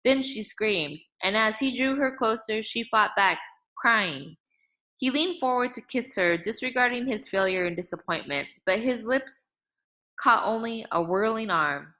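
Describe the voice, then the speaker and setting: A woman reading a novel aloud as an audiobook narrator, in a measured, dramatic way. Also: a little high, animated, bright, forceful tone.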